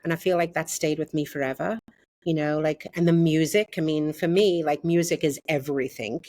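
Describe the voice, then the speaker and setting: A woman's voice: low-pitched, fairly even intonation, brisk, a little mellow, dry recording. A woman in her sixties with a Liverpool accent, chatting as a podcast guest, full of fillers like "you know". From Liverpool, England. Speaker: podcast guest, interior designer. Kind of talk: casual interview chat.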